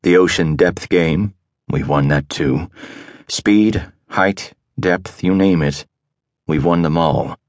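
A calm, commanding tycoon, as a narrator plays him, speaking quietly in a very low, deep voice. Each line comes out soft and unhurried. The sound is dry and close. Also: male voice, dry recording. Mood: calm, arrogant. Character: rich powerful man, calm and commanding.

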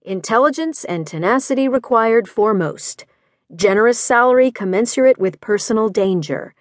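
A woman's voice: on the high side, animated, dry recording, studio quality. Woman narrating a first-person audiobook. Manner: measured, clear, literary. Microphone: studio microphone.

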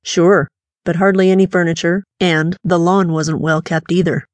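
A woman voicing a calm, methodical male police detective who talks in a patient, measured, quietly pointed way. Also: fairly low pitch, no room sound, natural voice. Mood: dry, confident.

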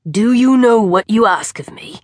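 A woman voicing a hoarse old witch who speaks slowly in riddles, with a breathy, whispered edge, for an audiobook. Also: on the high side, darkish tone, no room sound, studio quality, voice pushed up, close to an everyday voice. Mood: cryptic. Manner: slow, riddling, snapping. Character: hoarse old female witch, cryptic and eager. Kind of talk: audiobook character voice.

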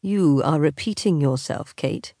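A woman voicing a teasing, insolent young aristocratic husband in a slow, drawling, mocking manner. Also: deep voice, dark tone, dry recording, clean studio sound.

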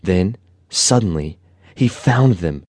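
Man narrating a kids' audiobook, lowish and lively, dry close read. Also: takes it slowly, slight background noise. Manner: expressive, storytelling.

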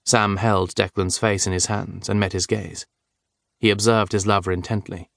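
A man calmly narrating an audiobook in a steady storytelling manner. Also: fairly low pitch, normal speed, creaky, no echo, clean studio sound. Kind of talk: scripted narration.

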